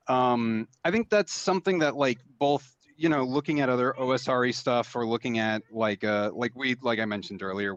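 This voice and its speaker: A man's voice: lowish voice, no room sound, lo-fi sound. A man talking casually in an interview about making games, rambling with many fillers and restarts. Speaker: game designer guest.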